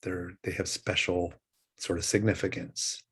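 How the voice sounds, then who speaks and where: Slow, gravelly-voiced older man guiding meditation. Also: deep voice. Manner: slow, calm and gentle, with long pauses. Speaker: meditation teacher. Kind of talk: guided meditation.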